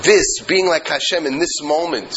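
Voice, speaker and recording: A man's voice: on the high side, moderate pace, muffled recording, slight background noise. Emphatic man giving a yeshiva Torah class. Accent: American English with Yeshivish Hebrew and Yiddish terms. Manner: emphatic, storytelling, rising to animated stress.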